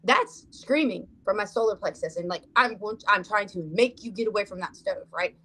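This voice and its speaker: A woman's voice: mid-range voice, a little fast, few pauses, bright, forceful tone. A woman speaking on a roundtable panel, earnest, often checking in with "right?". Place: room with a group.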